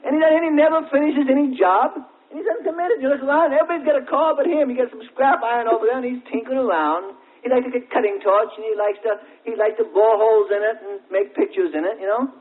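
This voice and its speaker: A man with a very high-pitched voice delivers a sermon, leaning on folksy everyday stories and stretched-out, pointed questions. The sound is thin and tinny, as if carried over a narrow phone-like line. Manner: folksy storytelling with everyday examples; drawn-out, emphatic questions. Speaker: preacher. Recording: tinny, narrow-band old recording.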